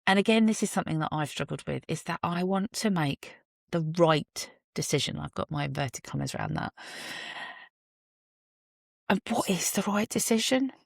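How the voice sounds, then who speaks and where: A woman with a gravelly, lowish voice and lively intonation hosts her own podcast at a moderate pace, recorded on a phone in a parked car. In this reflective solo monologue she thinks aloud earnestly with self-deprecating asides, and the sound is dry and studio quality.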